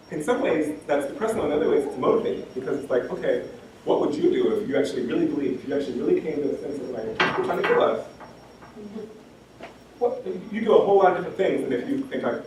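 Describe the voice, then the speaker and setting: A man's voice: on the high side, a little mellow. A man giving a lecture as an education scholar, impassioned, repeating phrases for emphasis with many ums. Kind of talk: lecture talk. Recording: very echoey hall, distant mic, faint noise.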